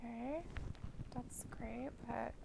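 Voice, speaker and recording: A woman hosting a casual live watch-along stream, chatty and quick to react out loud, often asking questions. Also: fairly high pitch, fairly even intonation, creaky, heavy background noise. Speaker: stream host.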